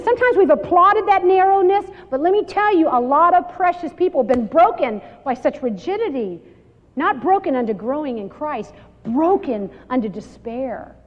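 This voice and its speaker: A woman giving a lively Bible study talk to women, laughing often and acting out quoted exchanges, recorded on muffled 1990s video in a large hall. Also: high voice. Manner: animated, laughing, acts out little quoted exchanges.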